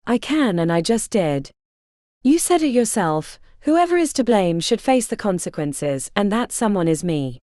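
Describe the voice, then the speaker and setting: A woman's voice: medium pitch, sing-song, measured pace, dark tone, no room sound, clean studio sound. A woman voicing a defiant young bog witch healer who talks bluntly with folksy turns of phrase.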